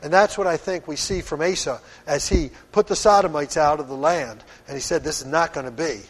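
A man's voice: a little high, fairly quick, slightly rough. A middle-aged man from Pennsylvania preaching a sermon as pastor, earnest and firm in a conversational way. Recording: long hall reverb.

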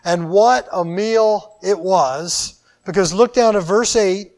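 A man preaching a sermon, animated, with loud emphatic phrases that drop into quiet, drawn-out endings. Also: high voice.

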